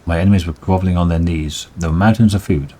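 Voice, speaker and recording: A man's voice: low-pitched, steady tone, fast, mellow. Man reading as a cocky, chatty rogue. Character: boastful daydreaming rogue man. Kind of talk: reading game dialogue aloud.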